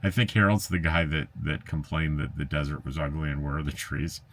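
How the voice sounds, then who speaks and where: With a rumbling low voice that stays steady and a bit bright, an RV vlogger moves fairly quickly through viewer comments, reading them out and answering in an easygoing, chatty style. He peppers his talk with fillers and soft laughs, sounding a little sarcastic and wry.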